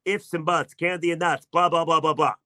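A man's voice: a little high, steady tone, fairly quick, pushed and bright, no echo. A man hosting a sports talk radio show, telling a story in a chatty, sarcastic way.

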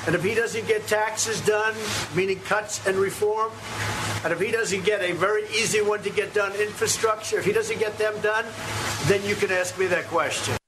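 A man's voice: high-pitched, fairly even intonation, moderate pace. A man making emphatic, repetitive remarks in a recorded clip. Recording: noisy archival clip.

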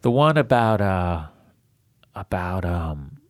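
A man hosting a podcast interview, chatting casually in a halting, rambling way and laughing often. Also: deep voice, big pitch swings, dry recording, studio quality. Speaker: podcast host.

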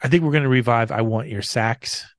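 A man's voice: medium pitch, fairly quick, no room sound, clean studio sound. A man co-hosting a podcast in casual chat, often stumbling and repeating words as he thinks. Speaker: podcast co-host.

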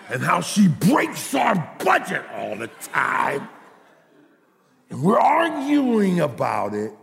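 A middle-aged male pastor telling a personal story in a sermon, animated and laughing, with folksy asides. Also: mid-range voice, vocal fry. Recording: long hall reverb.

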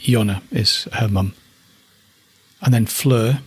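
Husky-voiced man from northeast England. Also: lowish voice, takes it slowly, no echo. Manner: chatty and affectionate, thinking aloud. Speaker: alpaca keeper. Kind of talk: casual spoken commentary.

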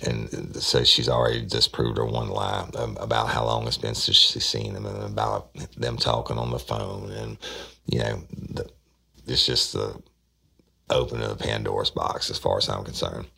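A man's voice: extremely low pitch, steady tone, normal speed, vocal fry, sharp tone, slightly rough. A middle-aged man telling a police case in a blunt, profane, conversational way. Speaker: host, former investigator telling a case. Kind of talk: storytelling podcast monologue.

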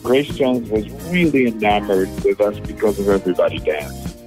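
A male musician being interviewed, telling anecdotes in an animated way, laughing and acting out what people said. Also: on the low side, normal speed, music in the background. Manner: animated storyteller, laughs, acts out quotes. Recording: tinny phone-like interview line.

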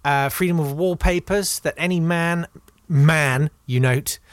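A man co-hosting a comedy podcast, riffing in a wry, mock-stern way with deadpan asides. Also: on the high side, measured pace, no room sound. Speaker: co-host. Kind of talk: comedic casual chat.

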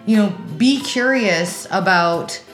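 Woman from alberta chatting on a podcast, lively storyteller, lots of likes and you knows, roomy sound. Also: medium pitch, slow, soft background music. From Alberta, Canada. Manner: animated storyteller, acts out quoted voices, many fillers. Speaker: podcast guest. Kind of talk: casual conversation.

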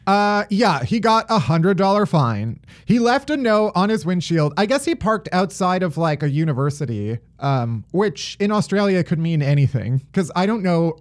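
Casual male host, joking delivery, high voice. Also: lively intonation. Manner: wry, joking, quick to laugh. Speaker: podcast co-host. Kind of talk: comedic news chat.

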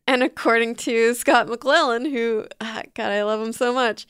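Woman podcast host, casual chat, playful and laughing, fairly high voice, dry close sound. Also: fairly even intonation, measured pace, fairly bright tone, clean tone, no echo. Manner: playful, chatty, with frequent laughs and fillers.

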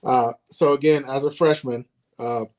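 A middle-aged man telling stories in casual podcast chat, relaxed and quick to laugh. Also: mid-range voice. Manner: relaxed, chatty, laughs often, acts out quoted shouting. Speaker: podcast co-host, former ballplayer.

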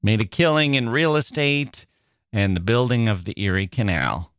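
A man's voice: fairly low pitch, lively intonation, normal speed, a bit bright, clean tone, no room sound. Joking male podcast host, dry studio sound. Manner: jokey storyteller who chuckles at his own stories. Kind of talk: playful literary podcast chat.

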